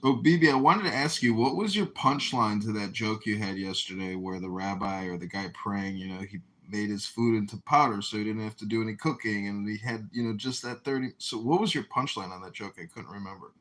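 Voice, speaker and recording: Low-voiced man pressing questions. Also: brisk, few pauses, a bit bright, rough recording. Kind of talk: casual livestream discussion.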